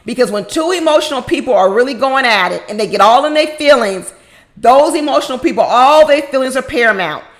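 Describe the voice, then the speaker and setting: A woman with a high-pitched voice delivers opinionated commentary on a reality show. She talks emphatically and preachily, hammering her points home and slipping into other people's voices to quote them. Her voice is close to the mic. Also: lively intonation, brisk. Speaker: reality TV recap host.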